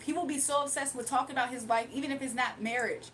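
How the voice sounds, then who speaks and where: A woman's voice: high voice, steady tone, fast talker, fairly bright tone, a little hiss or hum, poor audio. Sassy woman livestreaming to chat. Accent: faint foreign accent. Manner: sassy, talks back to chat. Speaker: livestream host.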